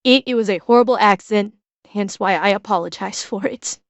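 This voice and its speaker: A woman's voice: mid-range voice, brisk, no echo. A woman streamer giving blunt, profane, casual commentary while reacting to a video.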